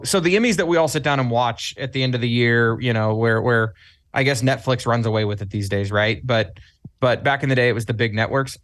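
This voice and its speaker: This club staffer, guesting on a podcast, has a medium-pitched, slightly bright voice and no echo around it. He's animated in the casual chat, telling stories and acting out what he himself said.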